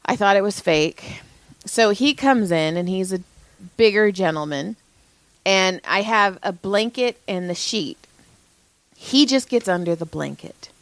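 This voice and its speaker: A woman's voice: medium pitch, unhurried, no room sound. A young woman co-hosting a podcast, venting anecdotes in casual, profane chat. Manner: profane, animated storytelling. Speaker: podcast co-host, massage therapist.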